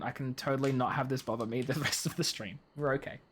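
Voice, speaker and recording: A woman streaming a game, chatting in an animated, rambling way with lots of tangents and giggling. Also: very deep voice, quick pace, few pauses, slight background noise. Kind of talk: gaming stream commentary.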